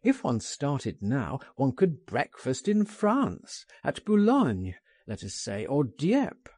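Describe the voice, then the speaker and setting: Male audiobook narrator, slow and expressive, mellow husky voice, dry close sound. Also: mid-range voice, dry recording. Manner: measured, expressive storytelling.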